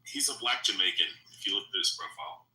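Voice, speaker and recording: Low-voiced mocking man, echoey sound. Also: fast, bright, forceful tone. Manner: mocking, crude asides. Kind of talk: live debate banter.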